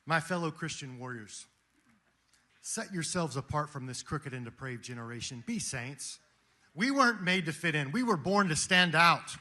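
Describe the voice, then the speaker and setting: Male speaker, high and very forceful, preaching with rousing fervor to a men's gathering. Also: expressive, moderate pace. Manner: rousing, quotes famous speeches. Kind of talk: impassioned Christian motivational speech. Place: meeting room with an audience.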